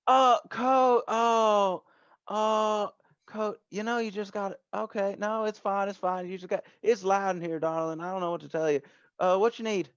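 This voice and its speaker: A woman's voice: mid-range voice, fairly even intonation, moderate pace, smooth, no room sound, highs cut off, pitched above the performer's own voice, lightly acted. A man voicing a folksy middle-aged woman who runs a truck shop and calls everyone darling. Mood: flustered.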